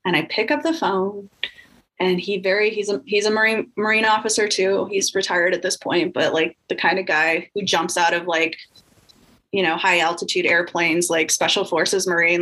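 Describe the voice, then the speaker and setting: A woman's voice: lowish voice, little pitch movement, moderate pace, pushed and bright, low-quality recording. A woman guest recounting a painful family story in a candid, emotional conversational way, with many fillers. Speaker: podcast guest.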